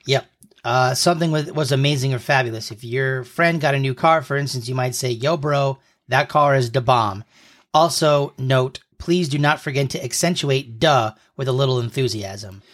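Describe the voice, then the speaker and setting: A man's voice: mid-range voice, fairly quick, a bit bright. Playful man hosting a podcast quiz. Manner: playful, explains slang like a mock lesson. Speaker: podcast co-host quizzing his partner. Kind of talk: casual podcast banter. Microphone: podcast mic up close.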